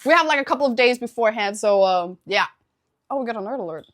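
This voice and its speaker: A young woman with a slightly higher voice talks casually to her stream audience. She is chatty and laughs easily, stopping now and then to thank viewers for their subscriptions. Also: expressive, quick pace. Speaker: live streamer.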